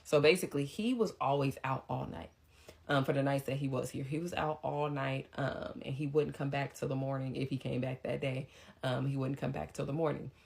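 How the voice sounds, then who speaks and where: A young woman telling a story in a casual, blunt, slangy way, with quick asides. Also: extremely low pitch, fairly even intonation, gravelly, darkish tone.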